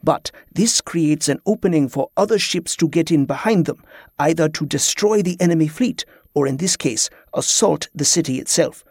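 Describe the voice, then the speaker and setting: A man voicing a formal, scholarly male pirate captain who speaks in a firm, measured way. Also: a little high, darkish tone, husky, no room sound, clean studio sound.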